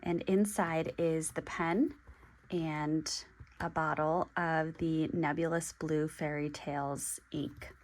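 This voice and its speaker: A woman in her forties talking through an unboxing vlog, halting and hesitant, with many pauses and restarts. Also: sits low, steady tone, darkish tone. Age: 40s. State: emotional, getting teary. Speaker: stationery vlogger.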